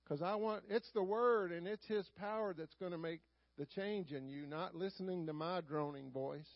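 A man's voice: high-pitched, normal speed, dry recording, highs cut off. A man with a Southern drawl, preaching a folksy sermon and calling out "Amen?" to the congregation.

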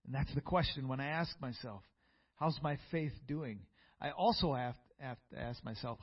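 A man's voice: medium pitch, normal speed, few pauses, slightly rough, muffled recording. A man preaching a sermon in a church, reading scripture aloud and building to fervent peaks.

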